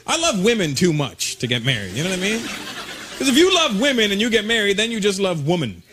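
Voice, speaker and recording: A man from Canada performing a stand-up comedy routine, telling stories in an animated, punchy way with frequent asides. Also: sits high, fast talker. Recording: loud noise, live club with crowd laughter.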